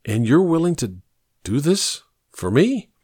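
Guy doing a hesitant, pleading, regretful man in trouble, a bit higher voice, storybook reading. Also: sing-song, measured pace, darkish tone, breathy edge, no echo, studio quality, heavily acted. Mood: incredulous. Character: remorseful, bewildered hungover man in trouble.

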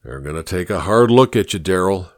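A man's voice: sits low, animated, brisk, no room sound, pitched below the performer's own voice. Man doing a blunt practical buddy, sarcastic, matter-of-fact, dry close sound. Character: blunt, sarcastic, practical male best friend.

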